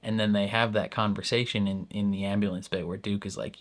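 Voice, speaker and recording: Low-voiced man rambling through a reaction. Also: little pitch movement, fairly quick. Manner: rambling, filler-heavy, laughs often. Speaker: reaction video host. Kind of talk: casual reaction commentary.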